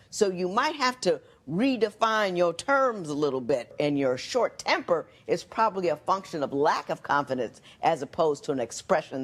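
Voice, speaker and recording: A woman, a TV court judge giving blunt, folksy advice to a couple. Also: low-pitched.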